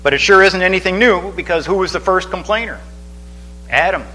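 Chatty, bright-voiced male preacher. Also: sits high, fast, low-quality recording. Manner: chatty, rambling with many restarts and asides. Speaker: pastor. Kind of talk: sermon.

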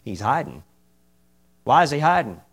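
A man teaching an informal Bible class in a folksy, animated way, often asking the group questions. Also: medium pitch, moderate pace, breathy edge.

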